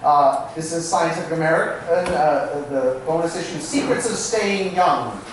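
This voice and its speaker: A man's voice: a little high, normal speed, a little hiss or hum. A man performing as a stage magician, bantering playfully with volunteers and poking fun at himself. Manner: playful, self-mocking, chatty with asides. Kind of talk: comic stage patter with volunteers. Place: small theatre stage, live audience. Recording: echoey, distant live room recording.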